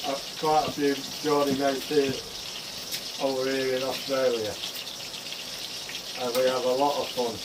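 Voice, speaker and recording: A man chatting casually to his viewers while cooking in his home kitchen, calling them folks. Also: medium pitch. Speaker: cooking vlogger. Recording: frying and running water noise. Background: sizzling pan and tap water.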